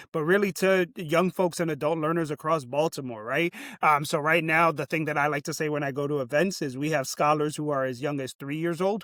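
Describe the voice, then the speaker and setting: A man's voice: fairly high pitch, fairly bright tone, no room sound, clean studio sound. A man in his forties, a program director, chatting upbeat and talkative as a podcast guest, often restarting his sentences. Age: 40s. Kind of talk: casual interview conversation. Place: Baltimore, Maryland.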